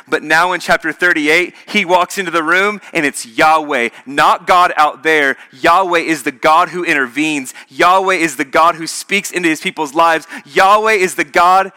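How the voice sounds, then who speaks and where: A man's voice: fairly high pitch, bright, forceful tone, smooth. A man preaching a sermon in an emphatic, repetitive way, building each point through contrasts.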